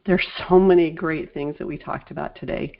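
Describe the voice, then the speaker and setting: A woman's voice: low-pitched, steady tone, gravelly, muffled recording. Woman host with a sore throat. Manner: warm thanks, affirming, slightly halting. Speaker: podcast host. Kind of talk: casual interview chat.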